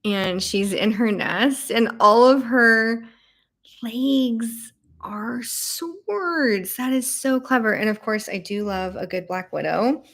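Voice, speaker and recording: A bubbly young woman hosts a live tarot deck flip-through. She coos over cute cards and chats back to her viewers, with a little vocal fry at the ends of her phrases. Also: fairly high pitch, slow pace, fairly bright tone. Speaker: tarot channel host.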